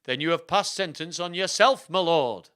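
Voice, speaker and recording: A man voicing a scheming king in a storybook reading, loud and theatrical in his declarations. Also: fairly high pitch, normal speed, clean tone, pitched above the performer's own voice, close to an everyday voice. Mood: accusing. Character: scheming, commanding male king.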